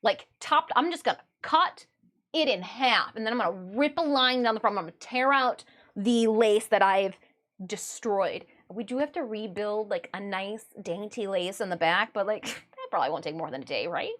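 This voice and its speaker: A woman from Michigan chats on her livestream from home. Her talk is self-mocking and full of giggles, and her pitch swings widely. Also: animated, normal speed, a bit bright. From Michigan, USA. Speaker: livestreamer and artist. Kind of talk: casual livestream chat.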